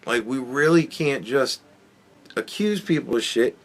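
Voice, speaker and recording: A man's voice: medium pitch, animated, unhurried. A man hosting a podcast, talking in a rambling, profane opinion monologue full of restarts. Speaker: podcast host.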